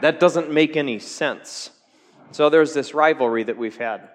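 A man preaching a sermon to his church, joking with the congregation and swinging from loud peaks to hushed lines. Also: on the high side, measured pace, long reverb tail. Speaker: pastor.

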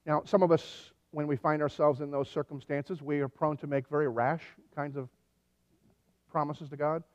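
A pastor preaching a sermon in a conversational way, with dry humor and animated storytelling. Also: male voice, a little high, moderate pace. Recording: dull recording with long hall reverb.

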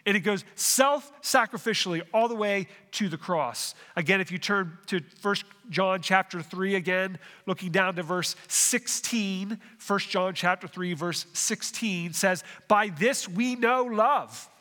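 Bright high-voiced man preaching. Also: measured pace, hardly any pauses, long reverb tail. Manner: restarts phrases, asks the congregation questions. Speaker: pastor. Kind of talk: sermon.

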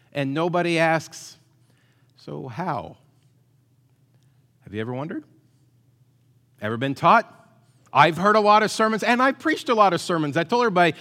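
A male pastor delivering a sermon, swinging between loud emphatic bursts and quiet asides, with self-deprecating humor. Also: high-pitched, lively intonation, fairly quick, gravelly, pauses often. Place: church hall with long reverb. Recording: hall reverb.

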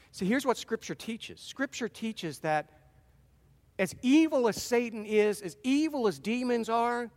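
A middle-aged man preaching a sermon, earnest and animated, with self-deprecating asides. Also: sits high. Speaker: pastor. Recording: long hall reverb.

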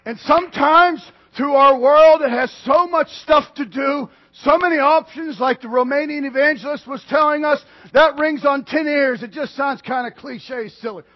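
A man preaching a sermon to a congregation, swinging from loud declarations to quiet asides. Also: very high voice, measured pace, lo-fi sound. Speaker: pastor.

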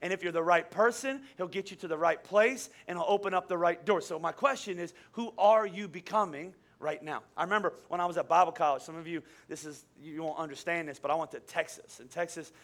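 A man's voice: fairly high pitch, fairly quick, hardly any pauses, a bit bright. A man in his forties from Pennsylvania, a pastor preaching a sermon in a nasal voice, telling stories and stumbling over repeated words. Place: church service.

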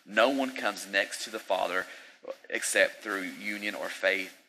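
A male preacher voicing a calm, solemn teacher who speaks quietly and in a measured way. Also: deep voice, a little hiss or hum, full character voice, low-quality recording.

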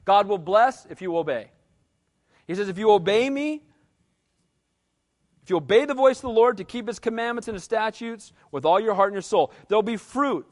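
High-voiced preaching pastor, man. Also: lively intonation, normal speed, pauses often. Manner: conversational preaching with asides and audience prompts. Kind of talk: sermon.

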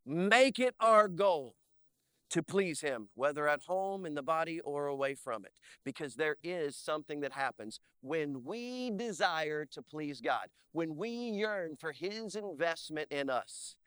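A male pastor preaching an energetic sermon in a church, with playful asides and slow, drawn-out emphasis on key words. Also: fairly high pitch, clear, resonant tone, dry recording. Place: church sanctuary.

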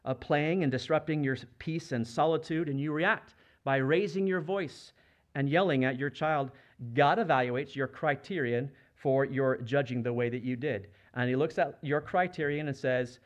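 A man's voice: medium pitch, highs cut off. A man preaching a sermon as a pastor, speaking conversationally and asking the congregation rhetorical questions. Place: church.

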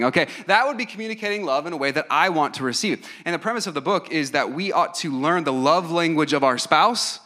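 A man's voice: on the high side, fast talker, few pauses, pushed and bright. A man in his thirties preaching a sermon in an earnest, emphatic way, with frequent fillers and restarts. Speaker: pastor.

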